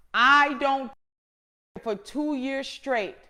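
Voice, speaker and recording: A middle-aged woman hosting a show, giving an impassioned, preacher-like motivational talk that repeats phrases for emphasis and swings between hushed and loud moments. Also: high-pitched, very slow, a little hiss or hum. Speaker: show host.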